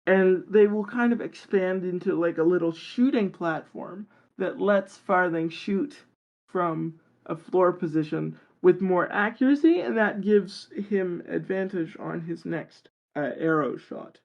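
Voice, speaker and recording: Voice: mid-range voice, measured pace, vocal fry, dull audio. A guest on a tabletop game podcast, talking casually and enthusiastically and rambling with lots of fillers. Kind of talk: casual interview chat.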